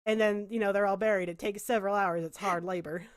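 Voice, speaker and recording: A woman's voice: medium pitch, steady tone, fast talker, no echo, studio quality. A woman narrating as game master in a tabletop game, chatty and full of "uh"s. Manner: chatty, hesitant with fillers.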